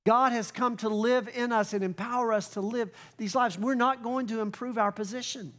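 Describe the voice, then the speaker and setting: A man with a high, light voice preaching to his congregation. He slows down to read scripture and grows louder and higher when he presses his point. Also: fairly even intonation. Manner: earnest preaching, rises in pitch and volume when fired up, slows down for scripture. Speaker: pastor. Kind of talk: sermon.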